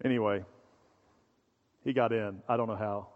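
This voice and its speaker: A man's voice: on the low side, steady tone, normal speed. A middle-aged male pastor preaching a sermon in a conversational, storytelling way, with humor and acted-out voices. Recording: dull sound in a reverberant hall.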